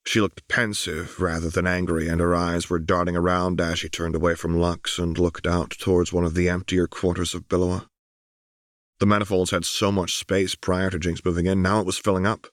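A man with a very deep, low voice reads a story aloud in a steady, even manner. The recording is dry and close, with no room sound. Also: moderate pace, dry recording. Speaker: audiobook narrator. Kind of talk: scripted narration of a story.

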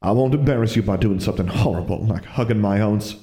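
A man reading the lines of a dignified middle-aged witch and mother, soft, wry and tender, in a low voice with a dry sound. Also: fast talker, husky, dry recording.

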